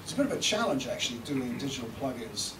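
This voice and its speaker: A man's voice: mid-range voice, very animated, fast talker. A British man presenting a live seminar to an audience, chatty and joking as he demonstrates. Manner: chatty, joking, swearing lightly. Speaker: seminar presenter, recording engineer. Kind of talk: live seminar talk and demo. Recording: echoey room from far off, with background noise.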